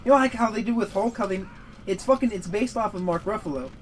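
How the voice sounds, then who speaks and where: A man's voice: high voice, fast, slight background noise, low-quality recording. A man giving casual gaming commentary, rambling and swearing as he rants about a movie. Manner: rambling, profane, prone to heated rants. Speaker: gaming show co-host.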